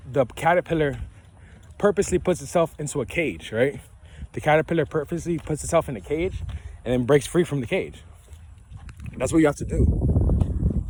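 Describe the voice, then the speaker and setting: In a loose, profane vlog monologue, a young man laughs now and then, tags phrases with "right?", and gets preachy about self-belief. His mid-range voice has a slightly dark tone, with a little hiss or hum in the recording.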